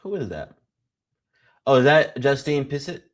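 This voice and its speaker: A young man giving casual live play-by-play commentary, excitable and teasing, full of slang. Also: mid-range voice, measured pace.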